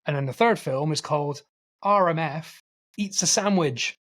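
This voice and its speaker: A man co-hosting a film podcast, casually retelling a film's plot in a rambling, animated way and acting out quotes. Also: fairly high pitch, moderate pace. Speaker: podcast co-host.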